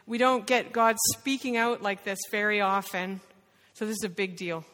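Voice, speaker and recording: A woman leading an interactive Bible lesson, quizzing the group with quick questions. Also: mid-range voice, fairly bright tone. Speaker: Bible study leader. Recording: reverberant hall.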